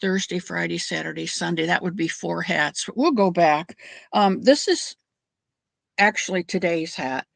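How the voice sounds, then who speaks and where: With a fairly low, creaky voice and an unhurried pace, a middle-aged woman runs a crafting livestream. She rambles in casual chat with her live viewers, greeting them by name, and there's no echo.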